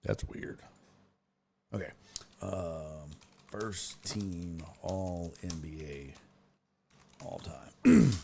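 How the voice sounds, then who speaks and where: A man's voice: low voice, extremely slow, vocal fry, pauses often, a little hiss or hum. A man hosting a casual sports talk stream from a desk mic, reading viewer chat aloud, profane and joking. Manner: animated, profane, reads chat aloud and jokes. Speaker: sports talk show host.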